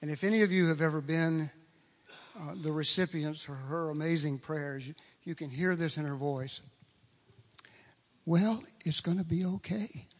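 A man's voice: fairly high pitch, fairly even intonation, moderate pace. A man preaching a sermon, emphatic and fond of repeating phrases for stress. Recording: long reverb of a large hall.

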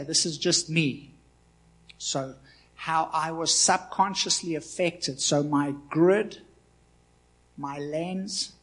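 A man in his forties preaching a sermon with passion, swinging between loud emphasis and quiet asides. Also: fairly high pitch, breathy edge. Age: 40s. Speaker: pastor.

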